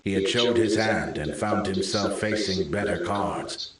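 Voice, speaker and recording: A man narrating a thriller audiobook in a steady, measured reading. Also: low voice, recorded from a distance. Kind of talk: scripted narration. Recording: very echoey room.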